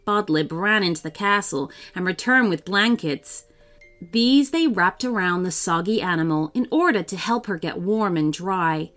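A woman narrating a children's storybook in a lively, expressive reading voice. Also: lowish voice, moderate pace, soft background music.

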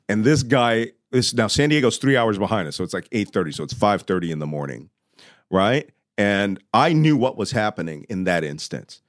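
A middle-aged man, a podcast guest, telling a story in a conversational way and acting out his own past lines, loudly at times. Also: sits low, no echo, clean studio sound.

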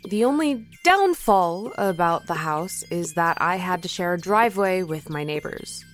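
A woman's voice: lowish voice, animated, measured pace, faint music behind. A young woman from Florida narrating a first-person story in a wry, conversational way. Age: young adult.

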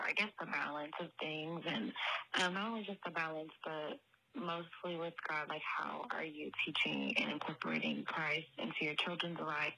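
Woman, low voice, bright edge, rambling questions, faint background noise. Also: gravelly, low-quality recording. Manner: searching, loosely phrased questioning. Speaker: guest. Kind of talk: casual conversation, asking a question.

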